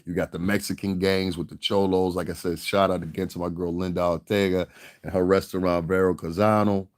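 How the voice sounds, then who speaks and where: A man's voice: low-pitched, level tone, fairly quick. A man from the Northeastern US vlogging in a casual monologue, rambling and profane and chuckling often.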